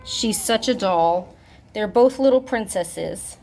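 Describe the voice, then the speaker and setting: A cat foster and adoption volunteer talks slowly in a medium-pitched, darkish voice, with a little hiss or hum on the audio. In this casual adoption video she promotes kittens and coos baby talk to them as cats meow nearby in her home.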